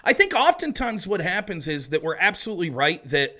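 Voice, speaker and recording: Animated high-voiced male podcast host. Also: fairly quick. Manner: animated, jokey, self-deprecating. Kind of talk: casual chat.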